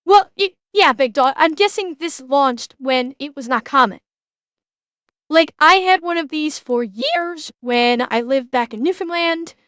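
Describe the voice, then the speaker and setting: A Canadian woman streaming herself reacting to a video, chatty and quick to laugh, with lots of restarts and casual swearing. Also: sits high, animated, a bit bright, no room sound, lo-fi sound. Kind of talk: casual live-stream chat.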